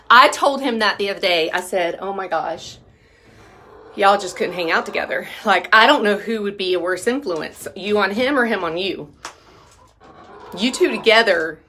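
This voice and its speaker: A woman's voice: medium pitch, pushed and bright, slight background noise. A woman chatting casually to camera while doing chores outdoors, laughing often. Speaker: vlogger, homesteader. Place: outdoors by a chicken coop. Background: chickens and a rooster.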